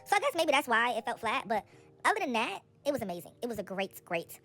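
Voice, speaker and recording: A young woman rattles through celebrity gossip at a brisk clip, her voice sitting a little high. She is chatty and sassy, tossing in quick asides as she goes. Faint music plays underneath. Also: very animated, bright, forceful tone. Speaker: entertainment gossip vlogger. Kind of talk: casual gossip commentary.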